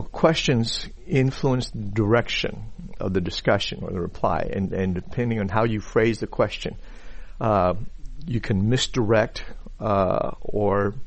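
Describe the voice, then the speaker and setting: A man's voice: medium pitch, gravelly. Man teaching a Bible lesson. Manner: many repeated words and restarts, stressed key words. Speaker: preacher teaching scripture. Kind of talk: sermon-style Bible teaching. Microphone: uses a pointer and slides.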